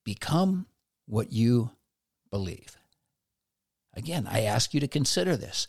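Male preacher, devotional sermon, lively delivery with probing questions, dry recording. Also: unhurried, gravelly, long pauses, no echo. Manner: asks the listener direct rhetorical questions; expressive, swings between loud emphasis and soft low asides.

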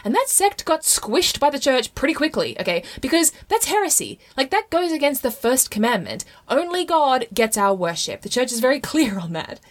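A woman's voice: high voice, very animated, normal speed, few pauses. A woman explaining Catholic teaching in a casual, chatty monologue, full of "like" and frequent "okay?" and "right?" check-ins. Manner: fillers of "like" throughout.

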